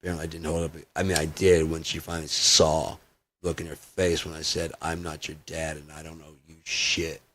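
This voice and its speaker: A man delivering a profane, ranting personal video monologue that swings between loud outbursts and low muttering. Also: little pitch movement, a little fast. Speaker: video blogger.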